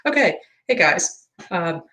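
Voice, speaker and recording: A woman's voice: fairly low pitch, lively intonation, slow pace, bright, forceful tone, poor audio. A woman streaming live, talking casually but growing impassioned and argumentative, with emphatic outbursts. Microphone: home streaming mic.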